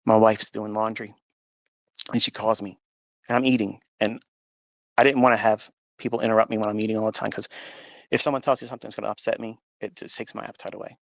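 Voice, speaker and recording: A man gives an emotional personal faith testimony at home via phone on a live audio chat, earnestly and emphatically acting out the dialogue. He talks fast in a lowish voice with little pitch movement and vocal fry, and there's no room sound.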